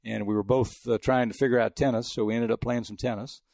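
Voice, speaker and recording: An older man from El Paso talks quickly through rambling stories, often stopping and restarting his sentences. His voice has a gravelly edge. The recording is dry and close, with no room sound. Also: medium pitch, fairly even intonation, a little mellow, no echo. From El Paso, Texas. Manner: rambling, chatty, frequent restarts. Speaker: veteran sportswriter guest. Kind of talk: casual storytelling interview.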